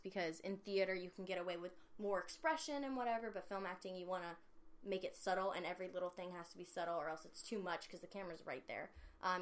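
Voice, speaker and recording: Young adult woman, casual animated talker, acting student. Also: lowish voice. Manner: animated, laughs and acts out voices. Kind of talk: casual chat.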